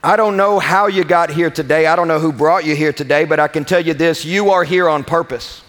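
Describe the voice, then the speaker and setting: High-voiced Kentucky preacher in a big hall. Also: male voice, fairly bright tone. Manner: preaching with drawn-out emphasis and call-and-response. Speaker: pastor. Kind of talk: sermon. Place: large church auditorium with mezzanine.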